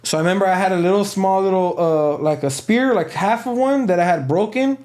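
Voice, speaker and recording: In his interview, a man rambles through a long story in a slangy, loose manner packed with fillers. His voice is high and a little mellow, and his pace is brisk.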